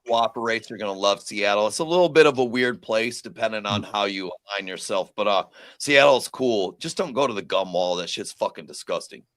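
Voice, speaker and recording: A man's voice: on the low side, a little fast, few pauses, fairly bright tone, no echo. A man hosting a casual stream chat, teasing and swearing freely. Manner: profane, teasing.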